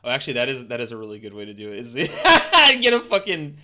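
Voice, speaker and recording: Laughing, swearing male streamer, bright voice. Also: medium pitch, very animated, very fast. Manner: laughing, swearing, thinking aloud. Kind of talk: casual let's-play commentary.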